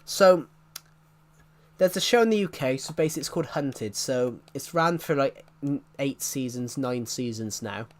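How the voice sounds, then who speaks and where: Animated and medium-pitched, he talks at a moderate pace. A Southwest English accent marks this streamer from southwest England, who chats casually on a live stream and rambles as he responds to viewers' questions.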